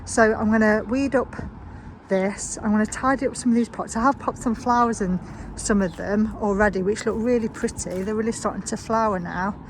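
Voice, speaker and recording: A woman's voice: mid-range voice, steady tone, normal speed, poor audio. A woman vlogging outdoors in her courtyard garden, talking in a rambling, chatty way with lots of "um" and "sort of". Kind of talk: casual chatty vlog. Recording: outdoor recording with clear traffic noise. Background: passing road traffic.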